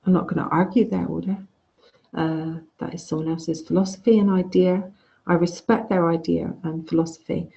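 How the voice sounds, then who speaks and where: A woman's voice: lowish voice, steady tone, moderate pace, gravelly, warm tone. A woman teaching an online course over a video call, chatty and frank, often restarting her phrases. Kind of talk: casual online lecture. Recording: dull lo-fi video call audio.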